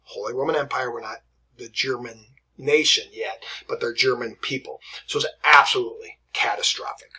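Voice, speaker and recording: A man's voice: mid-range voice, normal speed, sharp tone. A man teaching a history lesson in a conversational way, often checking in with "right?" and "okay?" and acting out quotes from historical figures. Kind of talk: classroom history lecture.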